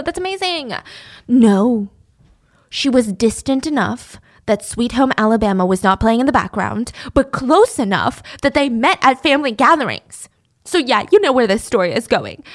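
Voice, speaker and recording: A young woman telling a story in a chatty, sarcastic way with lively asides. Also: on the high side. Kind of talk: casual storytime narration.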